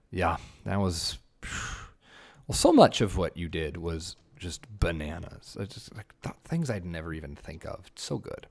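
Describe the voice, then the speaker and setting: Gravelly man chatting on a game stream. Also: deep voice. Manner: chatty, self-mocking, muttering to himself. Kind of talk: casual livestream chat while building.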